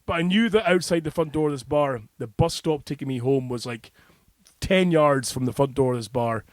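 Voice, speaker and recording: Scottish podcast co-host, middle-aged, voice sits high, animated swearing storyteller. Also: male voice, normal speed, no echo, studio quality. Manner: sweary, animated anecdote-telling with laughs. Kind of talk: casual podcast chat.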